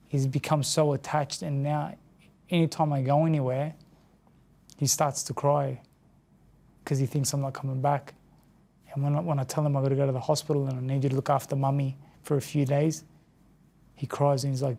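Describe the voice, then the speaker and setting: A man from Australia in his thirties, a former boxer speaking as an interview guest, talking softly and haltingly, often repeating words. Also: a little high, level tone, creaky. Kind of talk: emotional sit-down interview.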